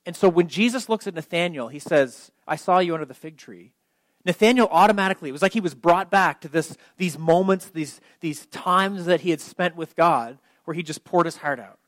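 A man's voice: a little high, animated, normal speed, fairly bright tone, dry recording. A man giving an informal sermon in a conversational way, asking the listeners questions and swelling with emphasis. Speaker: preacher.

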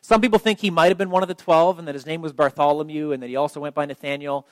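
A man's voice: a little high, fairly even intonation, rapid-fire, no room sound. A man giving an informal sermon in a conversational way, asking the listeners questions and swelling with emphasis. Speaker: preacher.

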